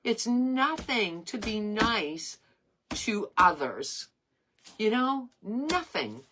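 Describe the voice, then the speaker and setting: A woman's voice: on the high side, sing-song, very slow, noisy background. A woman in her sixties hosting her craft page live, chatting in a rambling, earnest and emotional way. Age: 60s. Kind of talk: casual live-stream chat.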